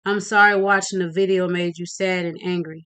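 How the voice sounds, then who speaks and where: A woman's voice: lowish voice, normal speed, clean tone, natural voice. A woman voicing a teenage boy in a read-aloud novel, earnest and pleading. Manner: pleading when scared, earnest and steady on stage. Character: frightened teenage Black boy, later calm speaker.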